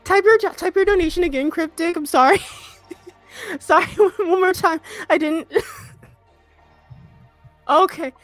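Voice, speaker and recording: A woman with a high voice co-hosts a livestream, reading out donations in a giggly, excitable way. Quiet music runs behind her. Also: a little slow, long pauses, no room sound. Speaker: stream co-host. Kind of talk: casual livestream chat.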